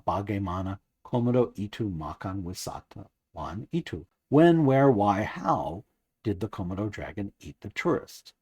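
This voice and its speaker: A man narrating a scripted grammar lesson, reading out example sentences slowly and carefully. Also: on the low side, darkish tone, husky. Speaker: language teacher.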